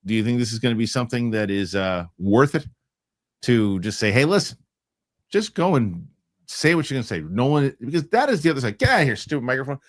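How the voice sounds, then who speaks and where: Hosting a casual panel chat about films, a man talks emphatically and repeats himself to make a point. His mid-range voice is very animated and a little fast.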